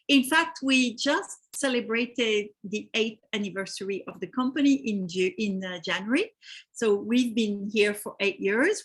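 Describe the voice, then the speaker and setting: A middle-aged woman with a French accent hosts a live webinar, chatting easily and greeting attendees by name. Her voice is fairly high and has a husky edge, heard through a computer microphone. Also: a bit bright. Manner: chatty, reads out attendee names. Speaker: webinar host.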